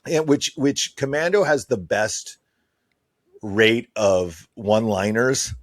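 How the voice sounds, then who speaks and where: A man's voice: on the low side, slow, no echo, clean studio sound. A middle-aged man chatting as a podcast guest, telling enthusiastic stories about the movies he loves. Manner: animated, enthusiastic storyteller. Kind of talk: casual chat.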